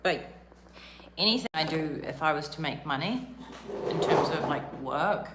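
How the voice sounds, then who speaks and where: A woman's voice: sits low, lively intonation, measured pace, reverberant, heavy background noise. A young woman with a New Zealand accent chatting casually on a live stream, rambling and self-deprecating with lots of "like" fillers. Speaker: livestreamer. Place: rented villa room, indoors.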